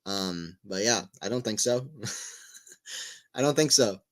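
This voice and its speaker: A man's voice: lowish voice, slow. A man giving casual live play-by-play tennis commentary, chatting and rambling between rallies and lifting his voice on big points.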